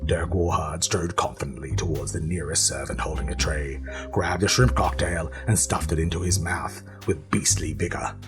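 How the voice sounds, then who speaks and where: A hoarse man giving a deadpan, mock-heroic reading of a pulp detective story. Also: low-pitched, moderate pace, voice pushed down, close to an everyday voice. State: hoarse, gravelly from lost voice. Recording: pre-recorded reading over clear music. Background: music.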